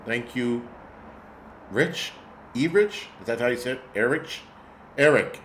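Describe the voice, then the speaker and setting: This middle-aged man's voice is medium-pitched, expressive, and fairly bright, delivered at a measured pace with slight background noise. On his casual livestream he reads viewers' comments and launches into blunt, profanity-heavy, rambling rants.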